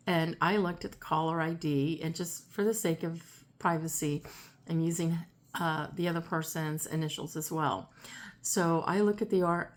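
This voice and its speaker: A woman psychic telling a personal story in a chatty, casual way, repeating herself and getting animated when she quotes people. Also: fairly low pitch. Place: home, seated in a rocking chair.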